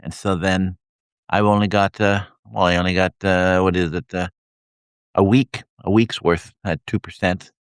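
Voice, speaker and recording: A retired older man from Canada talks in a very deep voice, rambling and self-deprecating, blunt and often laughing. The sound is dry and close, with no room around it. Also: fairly even intonation, moderate pace, smooth, no room sound. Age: 60s. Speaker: host of a live video stream. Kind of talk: rambling casual chat. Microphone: handheld microphone.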